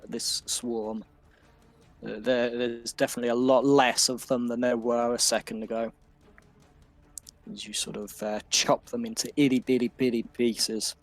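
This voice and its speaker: A man narrating a tabletop game as game master, unhurried and loose, with many fillers. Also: mid-range voice, creaky.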